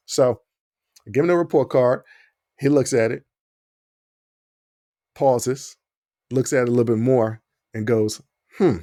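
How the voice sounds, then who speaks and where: A man hosting a podcast, telling a personal story in a casual, animated way. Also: mid-range voice, moderate pace, long pauses, no echo, studio quality. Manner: animated, acts out the quoted dialogue. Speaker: podcast host.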